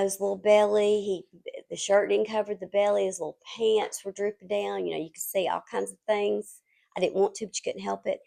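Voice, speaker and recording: Gravelly woman in her fifties. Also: mid-range voice. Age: 50s. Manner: rambling, confiding, animated. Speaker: home vlogger. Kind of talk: chatty storytelling to camera.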